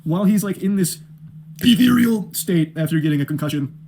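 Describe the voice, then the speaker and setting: A man's voice: high voice, expressive, brisk, darkish tone, slight background noise. A man reviewing a film in an exasperated, profane, sarcastic rant. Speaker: film critic.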